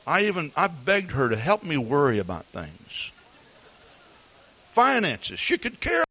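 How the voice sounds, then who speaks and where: A man's voice: a little high, sing-song, measured pace, pushed and bright, husky, muffled recording. A man preaching as a pastor, telling folksy, earnest stories about his wife to his congregation. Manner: folksy, storytelling, earnest asides. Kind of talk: sermon with personal stories.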